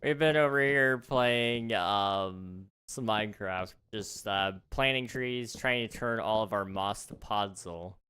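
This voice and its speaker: A man's voice: on the low side, slow pace, hardly any pauses, pushed and bright, a little hiss or hum. A young man hosting a live gaming stream, chatting casually, laughing often and answering his chat aloud. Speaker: livestream host.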